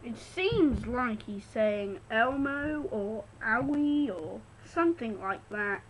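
A woman hosting a casual video show, giving wry, deadpan remarks between clips. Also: on the high side, slow pace, noisy background. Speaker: video host.

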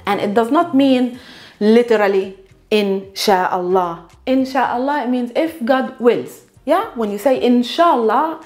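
Lively high-voiced woman teaching. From Palestine. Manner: lively, repeats words slowly for learners, checks in with "yeah?". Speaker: Arabic teacher. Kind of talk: language lesson.

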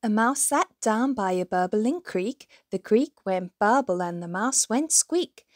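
A woman reads a children's picture book aloud, lingering over each rhyme at an unhurried pace. Her delivery is sing-song and playful, leaning into every squeak and burble. The sound is close and dry. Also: animated, no echo. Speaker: storybook reader.

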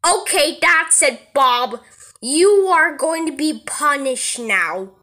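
A firm, patient cartoon mother, voiced by a woman in her natural voice, scolds and soothes her son. Her voice is high and bright, and she speaks very slowly and carefully. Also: expressive. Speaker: cartoon narrator and voice actor.

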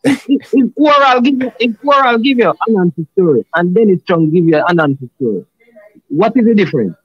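Jamaican man, high breathy voice, dry dull recording, insistent. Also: animated, a little fast, no room sound. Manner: scolding, insistent. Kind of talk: casual argumentative chat.

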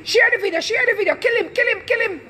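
A man's voice: extremely high pitch, quick pace, sharp tone, voice pushed up, exaggerated voice. A man putting on a mocking, bloodthirsty mob voice with a Jamaican accent, chanting taunts. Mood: taunting.

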